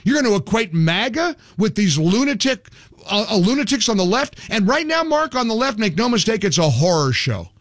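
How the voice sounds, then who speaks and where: A male talk host with a high, lively voice that leaps up and down as he argues. He speaks emphatically, restarting sentences when he gets worked up. The sound is dry and close. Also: brisk, no room sound. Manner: animated, emphatic, frequent restarts. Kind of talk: opinionated political talk.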